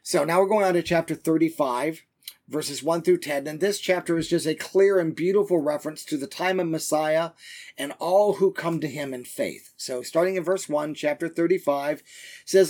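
Man, Bible teacher, slightly high voice, conversational, frequent fillers, slow scripture reading. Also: a little mellow. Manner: reads scripture passages slowly and deliberately.

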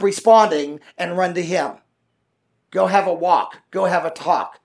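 A man with a notably high voice delivers a relaxed, conversational sermon. He stumbles through fillers and restarts while telling a story. Then he rises into louder, emphatic preaching. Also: vocal fry. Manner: halting, many fillers and restarts. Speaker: pastor.

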